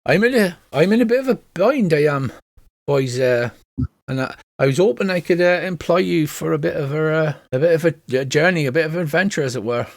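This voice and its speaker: A man voicing Hruna, a worried, raspy-voiced dwarf, in a put-on Welsh accent. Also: a little high, expressive, fairly quick, no room sound, studio quality, voice pushed up. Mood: pleading.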